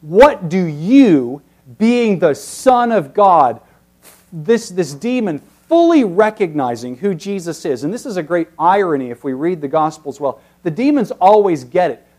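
A man with a fairly high voice delivering an expository sermon. He explains the text like a teacher. His volume swings from forceful, emphatic peaks down to hushed, almost whispered stretches. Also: very animated, normal speed. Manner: teacherly, rising to emphatic peaks then dropping very soft. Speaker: preacher.

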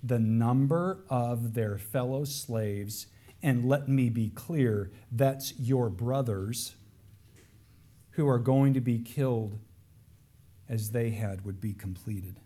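A man preaching a sermon, earnest, dropping to hushed lines and then rising into raised, pleading emphasis. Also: mid-range voice, slow pace.

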